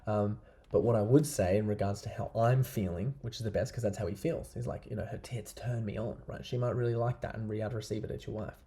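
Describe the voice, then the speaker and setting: Male dating coach, relaxed chatty delivery with a low, warm voice. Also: quick pace. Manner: chatty, loose, keeps asking "right?". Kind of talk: casual advice talk to camera.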